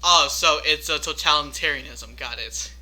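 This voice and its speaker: A man's voice: a little high, moderate pace, a crowd in the background. A man co-hosting a casual tabletop gaming podcast, rambling with restarts and frequent laughter. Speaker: podcast co-host. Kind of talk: casual chat among friends.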